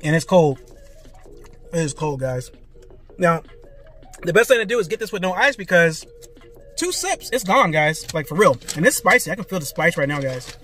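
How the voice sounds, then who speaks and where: A man eating and reviewing fast food in a parked car, talking excitedly and calling his viewers "guys" and "man". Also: on the high side, faint music behind. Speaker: food vlogger. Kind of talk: casual food review vlog. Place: parked car, traffic passing outside. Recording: faint road noise from inside a car. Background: cars passing by.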